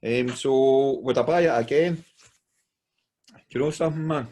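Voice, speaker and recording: A man's voice: mid-range voice, measured pace, mellow. A Glaswegian man co-hosting a casual beer review podcast, laid-back and chatty, full of "aye" and "mate". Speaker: podcast co-host.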